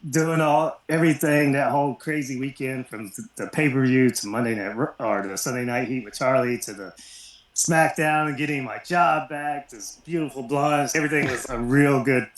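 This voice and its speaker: A man's voice: medium pitch, normal speed. A man and former pro wrestler telling backstage anecdotes in a shoot interview, acting out quotes and laughing often.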